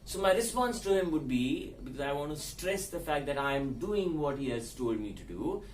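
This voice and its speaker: A man teaching English grammar, explaining slowly with frequent fillers and repeated words. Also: a little high, expressive, recorded from a distance, slight background noise. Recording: echoey room, set back from mic.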